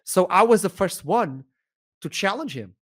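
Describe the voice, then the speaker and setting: A man with a Portuguese accent, an esports shoutcaster telling a story as a podcast guest, animated and acting out the dialogue. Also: high-pitched, measured pace. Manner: animated, acts out dialogue, laughs often.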